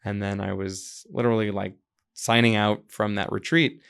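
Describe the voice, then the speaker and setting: Male guest from the US, low and gravelly, relaxed storyteller. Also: normal speed. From United States. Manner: reflective storyteller, quotes people in lively voices. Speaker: podcast guest. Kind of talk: conversational interview.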